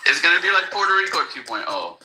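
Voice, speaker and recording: A man argues politics bluntly and insistently, swearing freely. His voice is extremely bright and sharp, a little high. He keeps talking over the other speaker. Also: sing-song, fast talker, a little hiss or hum, rough recording. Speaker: podcast co-host. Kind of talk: heated political debate.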